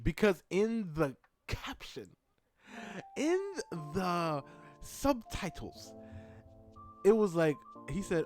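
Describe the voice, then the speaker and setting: Rambling, excitable male art vlogger. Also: sits high, takes it slowly, soft background music. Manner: rambling, excitable, with many fillers. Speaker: art content creator. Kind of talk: rambling casual chat over a drawing video.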